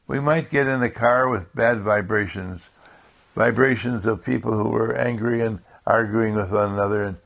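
A man giving a calm spiritual talk in slow, repetitive affirmations. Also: on the low side, gravelly. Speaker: spiritual speaker.

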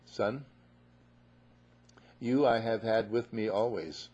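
A man doing a soft, gentle loving father. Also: fairly low pitch, takes it slowly, breathy edge. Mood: tender. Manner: soft, tender, reassuring. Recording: muffled lo-fi recording.

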